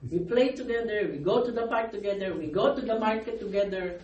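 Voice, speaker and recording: A woman's voice: mid-range voice, animated, normal speed, hardly any pauses, a little mellow. A middle-aged woman pastor preaching a sermon, her voice worn from crying, calling out for amens and laughing between phrases. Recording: echoey room, distant mic, faint noise.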